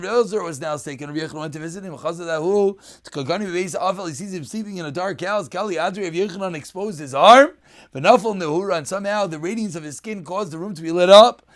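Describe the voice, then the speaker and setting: A man teaching a daf yomi Talmud lesson. He reads Aramaic phrases and explains them in English. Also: high voice.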